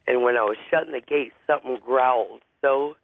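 A man with a deep voice and a cold, calling in to tell a spooky story, halting with lots of fillers. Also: creaky, dry recording. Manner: halting, many fillers and restarts. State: has a cold. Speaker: caller. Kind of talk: phone-in ghost story. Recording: phone line.

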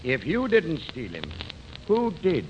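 Slow plain-spoken cop. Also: male voice, fairly high pitch, huge pitch swings. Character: plain-spoken male police officer. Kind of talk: 1940s radio comedy acting. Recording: lo-fi old radio recording, faint crowd and hiss.

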